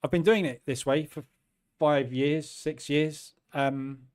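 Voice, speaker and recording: A man in his fifties hosting a trading channel, talking in a chatty, self-deprecating way and acting out his own quick asides. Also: fairly high pitch, fairly even intonation, darkish tone. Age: 50s. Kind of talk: casual chat.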